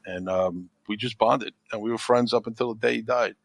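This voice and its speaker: A middle-aged man talks casually on a podcast in a fairly low voice. He rambles, repeats himself and gets animated as he retells stories. The recording is close and dry. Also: fairly quick, creaky, no room sound. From United States. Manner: rambling, repeats words when emotional, animated when telling stories. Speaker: podcast guest. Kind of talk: casual chat.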